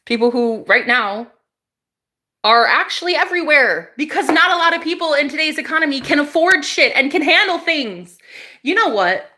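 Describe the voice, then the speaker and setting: A young woman on a casual livestream, talking back to her chat with biting sarcasm and frequent laughs. Her voice is bright and a little high, and she swears freely. She swings between loud jabs and quiet, dropped asides. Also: animated, normal speed.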